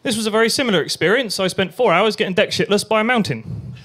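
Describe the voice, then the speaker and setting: Animated man doing stand-up. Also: high-pitched, quick pace. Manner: animated, crude, acts out voices and sounds. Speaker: stand-up comedian. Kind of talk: stand-up comedy set. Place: bar open mic night.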